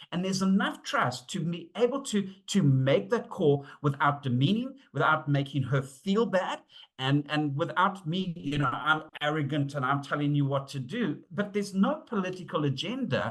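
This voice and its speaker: A middle-aged man presenting a webinar on safety, telling stories in an animated way, acting out the dialogue and using frequent fillers. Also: a little high, moderate pace. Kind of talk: storytelling talk.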